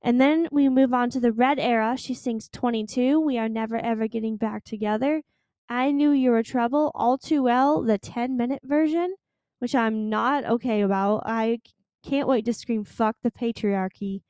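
A young woman hosting her own podcast, talking in an excited, gushing way, breathless at times and swearing freely. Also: fairly high pitch, normal speed, clean tone, no echo. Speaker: podcast host. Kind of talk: excited casual podcast chat.

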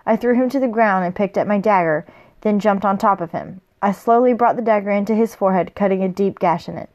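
A woman reads a first-person novel aloud in a casual, unpolished way, at a medium pitch. She stumbles on a word now and then and goes back to fix it. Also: brisk, a little mellow. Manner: plain reading, with slips and self-corrections. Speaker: reader.

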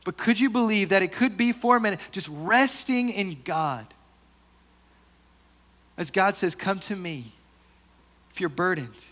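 A pastor preaching a sermon in an earnest, conversational way, often restarting his sentences and dropping to softer asides. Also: high voice, expressive, a little slow, pauses often.

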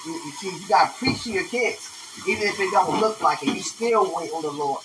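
A woman's voice: on the low side, brisk. Rambling emotional woman on a noisy recording. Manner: rambling and emotional, laughs often, speaks to an absent listener. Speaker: podcast host. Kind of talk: casual spoken monologue.

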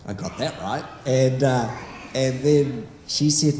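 A man's voice: medium pitch, takes it slowly, mellow. A man telling stories to a group in a loose, rambling, conversational way full of asides, recorded in a large hall with faint noise behind. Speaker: speaker. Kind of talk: storytelling talk to a group.

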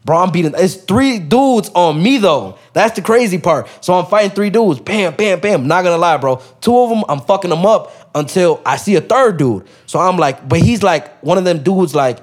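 A man's voice: high voice, animated, moderate pace, hardly any pauses. A young man, a podcast guest, telling a story in casual street slang, full of profanity and acted-out quotes.

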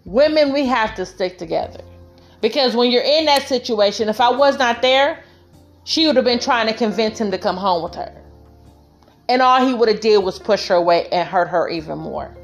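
A woman's voice: fairly high pitch, expressive, moderate pace, highs cut off, soft background music. A woman vlogging relationship advice in a casual, heartfelt monologue, telling her story emphatically and speaking straight to other women.

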